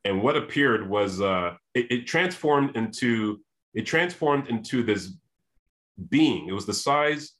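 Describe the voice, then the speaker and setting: A man telling a long personal story, animated, often restarting his sentences and acting out what people said. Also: mid-range voice, a little slow. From Canada. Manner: animated, repeats and restarts, acts out quoted voices. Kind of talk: storytelling monologue.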